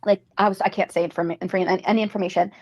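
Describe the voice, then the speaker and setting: A woman's voice: on the low side, fairly even intonation, racing, darkish tone. A woman content creator ranting on a livestream, swearing heavily. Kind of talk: livestream rant.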